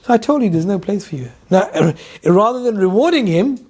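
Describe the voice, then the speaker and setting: Animated man telling a teaching story. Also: high-pitched, fairly quick, breathy edge. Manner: animated storyteller, acts out dialogue, laughs often. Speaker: religious teacher. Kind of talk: storytelling lecture.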